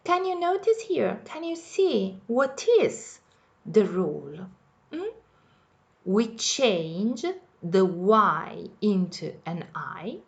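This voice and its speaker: A woman teaching English grammar with an Italian accent, explaining each rule slowly and repeating it in her native Italian. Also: medium pitch, sing-song, vocal fry. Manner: patient, repeats each point in two languages. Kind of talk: bilingual grammar lesson.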